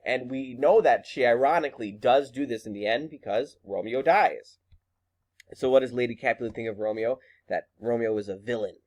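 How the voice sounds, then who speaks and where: A man's voice: medium pitch, normal speed, a little mellow. A man teaching a class, explaining a play in a casual, chatty way with fillers. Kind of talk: lesson reading and explaining a play.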